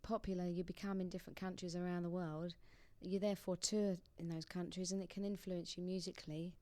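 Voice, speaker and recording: Chatty young woman, smooth and dry. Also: lowish voice, little pitch movement, fairly quick, mellow, no echo. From England. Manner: chatty, laughs often, with restarts. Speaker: interview guest, singer. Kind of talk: casual radio interview. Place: radio studio.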